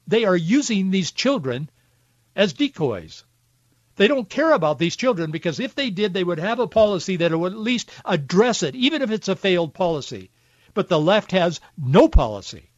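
A man's voice: sits high, no echo, dull audio. A man hosting a podcast, delivering an emphatic, preachy political commentary monologue. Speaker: podcast host.

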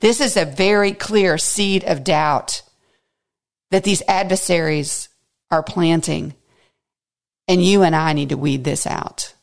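A woman's voice: lowish voice, takes it slowly, vocal fry, long pauses. A woman teaching a devotional Bible study, earnest and intimate, sometimes dropping to a near whisper for emphasis.

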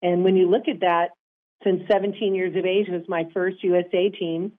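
A woman guest who is a former softball player, answering interview questions in an earnest, measured way. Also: on the low side, flat delivery. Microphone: phone line. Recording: tinny phone line.

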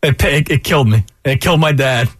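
A male co-host chats casually on a sports talk show, telling stories in an easy tone. His voice sits at a middle pitch. The studio mic keeps the sound dry and close. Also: fairly quick, slightly rough, no room sound. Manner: casual, storytelling, nostalgic. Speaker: radio co-host.

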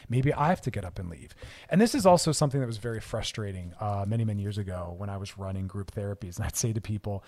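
A man's voice: medium pitch, expressive, quick pace, a little mellow. A man hosting a radio talk show, speaking earnestly and animatedly as he gives advice in a monologue. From California, United States.

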